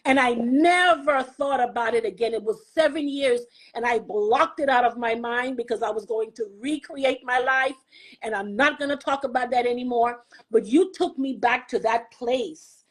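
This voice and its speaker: A woman in her fifties hosting a talk show, telling a personal story in an animated way, laughing often. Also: moderate pace. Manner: animated, laughs often, voice jumps high when excited. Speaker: podcast host. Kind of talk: emotional conversational chat.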